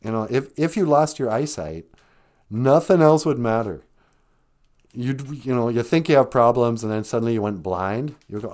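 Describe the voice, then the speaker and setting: Chatting through a personal story on a live stream, a comedian laughs frequently, becomes choked up, and quotes people in quick voiced snippets. His voice is medium-pitched, animated, a little mellow, and at a normal pace.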